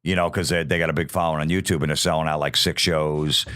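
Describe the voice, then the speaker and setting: A middle-aged man, a comedian guest on a podcast, chatting casually and acting out crank call stories in a quick, animated way. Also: very deep voice, clean tone, dry recording. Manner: fast, animated storyteller acting out callers.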